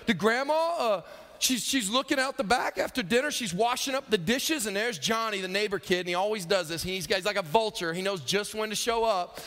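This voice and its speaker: A pastor preaching a sermon tells animated stories and acts out the characters' voices. His voice is extremely high with vocal fry, and it sounds like a big room.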